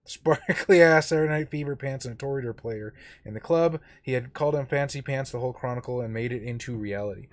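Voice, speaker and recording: A man's voice: mid-range voice, quick pace. A young man co-hosting a casual gaming stream, rambling about game rules and swearing casually. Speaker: streamer and co-host.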